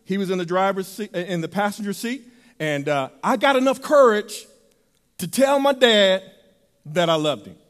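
A male preacher with a high, ringing voice delivers a sermon. He talks animatedly, swinging between loud bursts and soft, intimate passages. His voice carries through a church hall with long reverb. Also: expressive, normal speed.

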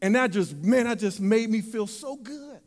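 A man preaching a sermon in an animated way, swinging from loud to soft, in a church sanctuary. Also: high voice, normal speed, long reverb tail.

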